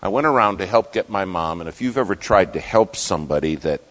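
A man preaching a sermon, telling a story with dramatic swings between loud and hushed. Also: sits low, expressive, fairly quick.

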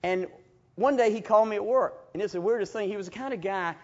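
A man preaching a sermon, telling stories in a folksy, animated way with chuckles. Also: sits high, quick pace. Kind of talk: storytelling sermon. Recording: dull lo-fi recording.

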